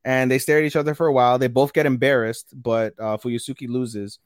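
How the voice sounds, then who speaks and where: A man's voice: mid-range voice, level tone, a little fast, no echo, studio quality. A man casually recapping an anime episode on a podcast, rambling, stumbling over names and swearing now and then. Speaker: podcast co-host.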